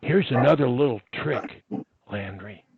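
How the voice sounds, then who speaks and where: A man's voice: mid-range voice, a little slow, gravelly, breathy edge, no echo. A man coaching one-on-one over a video call, encouraging and repeating his key points. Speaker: speech coach. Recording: tinny, dry phone-like line.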